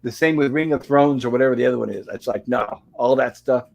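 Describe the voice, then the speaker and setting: A man's voice: mid-range voice, quick pace, vocal fry. A man hosting a pop culture review show, casually retelling an old sitcom episode scene by scene. He is chatty, laughs easily and sometimes mixes up names.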